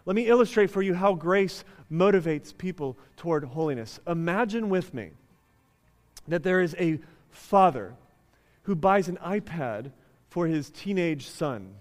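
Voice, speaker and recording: A man's voice: high voice, animated, a little slow. A male pastor preaching a sermon, telling a story and building to emphatic, raised passages. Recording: long reverb in a large hall.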